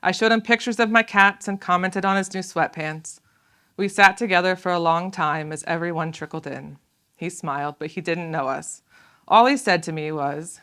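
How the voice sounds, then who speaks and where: A woman scientist gives a public lecture and reads from her own book, in a fairly low voice. She speaks in a measured, earnest way, pausing to think between phrases. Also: pushed and bright, clear, resonant tone. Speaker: author and scientist giving a talk.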